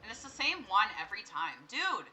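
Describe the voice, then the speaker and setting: Bright-voiced woman chatting over gameplay. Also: mid-range voice, big pitch swings, a little fast, low-quality recording. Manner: chatty, talks to her characters, bursts into startled laughing screams. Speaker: gameplay streamer. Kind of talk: casual let's-play commentary.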